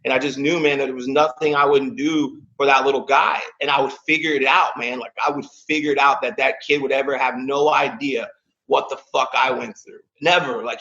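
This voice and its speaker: A man's voice: mid-range voice, fairly bright tone, highs cut off. Emotional man in his thirties telling his story. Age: 30s. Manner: casual, emotional, peppered with "man" and "like". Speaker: podcast guest.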